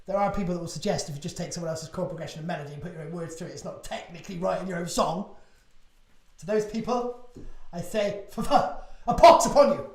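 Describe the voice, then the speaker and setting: A man's voice: high voice, fast. A man from Bristol, a folk singer-songwriter, chatting between songs in a rambling, jokey way with casual swearing. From Bristol, England. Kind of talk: banter between songs at a live-streamed gig. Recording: very echoey, distant mic, loud ukulele.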